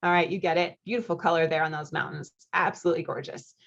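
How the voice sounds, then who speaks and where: A woman's voice: deep voice, fairly even intonation, vocal fry, highs cut off. Upbeat woman coach hosting a webinar. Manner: chatty and upbeat, with quick laughs and friendly asides. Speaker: marriage coach hosting a live online masterclass. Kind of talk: live webinar, reading chat comments aloud.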